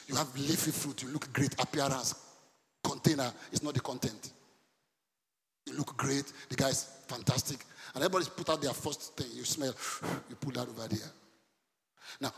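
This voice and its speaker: A man preaching a sermon to a congregation, animated, quizzing his listeners and breaking into laughter and loud outbursts. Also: mid-range voice. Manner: animated preaching, sudden shouts and laughs, asks the congregation questions. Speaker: pastor. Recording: long hall reverb.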